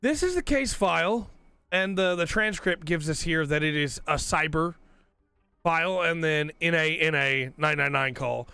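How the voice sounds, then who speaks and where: A man's voice: on the high side, moderate pace, gravelly, bright, forceful tone, smooth, no echo, faint music behind. A man hosting a podcast, giving a rambling, enthusiastic casual review while losing his voice. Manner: rambling, enthusiastic, self-correcting. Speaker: podcast host reviewing episodes.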